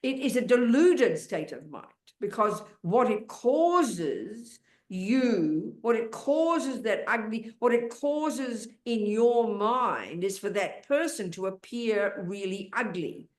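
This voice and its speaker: Her voice a little high with lively intonation, an older dharma teacher takes her time, yet stays blunt and emphatic, interrupting and speaking over whoever is asking questions. The Q&A is recorded with a roomy echo.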